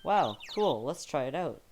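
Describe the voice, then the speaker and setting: A voice actor playing a perky, curious young woman sidekick in a fan voice-over of a game. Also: noisy background. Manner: bright, chirpy, raised pitch.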